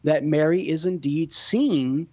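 A man explaining church teaching on a radio call-in show, measured and teacherly, laying out points step by step. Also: fairly high pitch, darkish tone, no echo, dull audio. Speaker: guest Catholic apologist answering questions.

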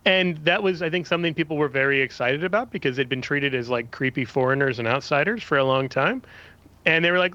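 Man, radio guest, bright tense voice, a bit high, dull lo-fi recording. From Kansas City, USA. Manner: quick, chatty, laughs easily. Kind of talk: casual radio talk, explaining.

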